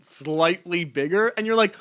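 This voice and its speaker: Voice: medium pitch, a little slow, a bit bright, smooth, dry recording, clean studio sound. A podcast co-host in casual chat, joking and rambling with lots of fillers.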